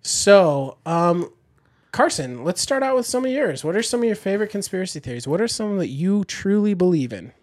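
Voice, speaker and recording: Excitable male podcast host, higher voice. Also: moderate pace. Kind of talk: casual chat.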